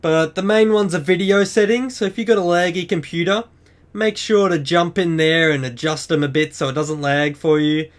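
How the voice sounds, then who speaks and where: A man's voice: fairly high pitch, fairly even intonation, normal speed. A man hosting a game tutorial, talking casually and explaining each step of a screen-recorded walkthrough in an upbeat way.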